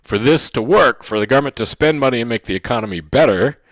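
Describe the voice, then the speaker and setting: A man giving a recorded economics lecture in a mid-pitched voice. He keeps checking in with his listeners with "okay?" and "right?", and he goes back over key points slowly. The recording is dry and close, with no room sound. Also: animated, no room sound. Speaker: economics teacher.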